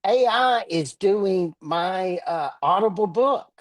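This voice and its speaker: A man's voice: high voice, lively intonation, slow pace, no echo. Older Texan man, dry close sound. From Texas Panhandle. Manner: plainspoken, blunt, with dry humor. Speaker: guest author. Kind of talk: casual interview talk.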